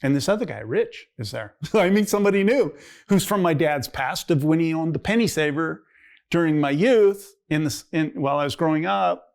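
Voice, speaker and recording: An older man in his sixties speaks as a pastor telling his life story from the pulpit. His voice sits a little high with a gravelly edge, and he rambles conversationally, jumping up in pitch to act out remembered dialogue. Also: lively intonation, a little fast. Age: 60s. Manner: rambling, conversational, acts out quoted dialogue in a raised voice. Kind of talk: personal testimony storytelling. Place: church.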